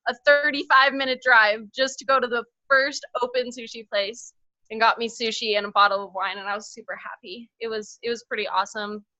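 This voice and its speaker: A woman chatting casually about her own experience, bubbly and quick to laugh, full of "like" fillers. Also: on the high side, flat delivery, bright, forceful tone, no room sound, muffled recording. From northern Idaho, US. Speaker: team member sharing her story. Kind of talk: casual chat.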